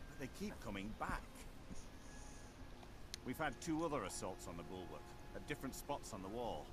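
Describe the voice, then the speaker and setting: An actor playing a steady male dark elf guard captain, earnest and practical in a game. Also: mid-range voice, background noise, close to an everyday voice.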